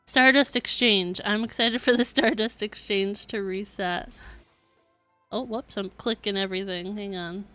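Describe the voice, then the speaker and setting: A woman's voice: medium pitch, fairly even intonation, unhurried, bright, forceful tone, faint music behind. A woman streamer chatting casually over her gameplay, giggly and easily flustered.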